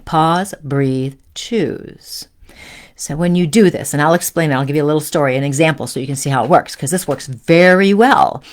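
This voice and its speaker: A woman hosting a live spiritual teaching stream, speaking in a gentle coaching way and often checking in with "right?" and "okay?". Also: low-pitched. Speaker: host.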